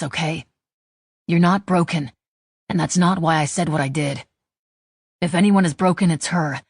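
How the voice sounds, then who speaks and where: A woman voicing a gentle, reassuring young male rock drummer in an audiobook, talking softly and coaxingly. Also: low voice, husky, no echo, clean studio sound.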